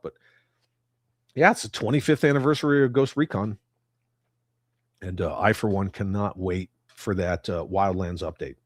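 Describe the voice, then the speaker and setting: A middle-aged man with a fairly low voice hosts a casual livestream, reading out viewer comments. He rants bluntly and swears freely. His voice sounds dry and close. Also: no room sound. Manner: blunt and profane, ranting. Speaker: livestream host.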